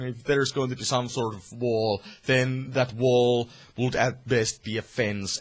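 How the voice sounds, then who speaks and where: A man from Finland with a Finnish accent, delivering a heated, profane political rant to camera with many restarts. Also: medium pitch. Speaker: vlogger.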